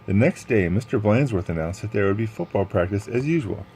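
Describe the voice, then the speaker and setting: A man's voice: on the low side, lively intonation, a little fast, warm tone, a little hiss or hum. A man reading a picture book aloud, adding chatty asides about the pictures. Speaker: read-aloud storyteller.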